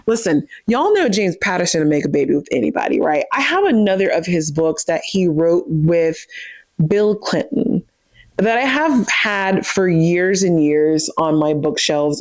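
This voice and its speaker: A woman with a somewhat low voice chats casually to camera about her books. She is animated and quick to poke fun at herself. The sound is close and dry, with no room echo. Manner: chatty, animated, self-deprecating. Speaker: book vlogger. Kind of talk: casual book haul chat.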